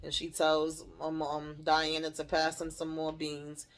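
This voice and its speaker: Animated woman recapping a TV episode. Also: deep voice, measured pace. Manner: animated retelling, acts out characters' lines, laughs and swears. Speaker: TV recap host.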